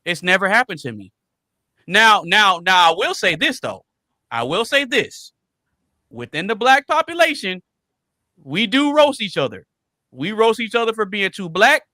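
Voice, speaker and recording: A man's voice: high-pitched, very animated, normal speed, long pauses, pushed and bright, dry recording. A man on a podcast panel talking casually and emphatically, repeating phrases to drive a point home.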